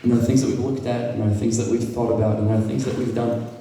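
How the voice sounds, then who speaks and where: A male rabbi telling a story at a gathering, acting out the dialogue and sometimes dropping to a hushed voice. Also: medium pitch, flat delivery, fast talker, slight background noise. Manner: acts out quoted dialogue, drops to hushed tones. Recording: echoey hall from far off.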